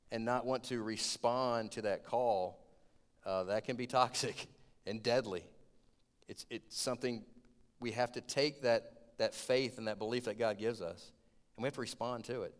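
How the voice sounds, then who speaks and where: A man, preaching a sermon as a lively storyteller who gets loud when retelling scenes. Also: medium pitch, moderate pace, clear, resonant tone. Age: 20s. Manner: storytelling, animated, rising to shouts in retold scenes. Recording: long hall reverb.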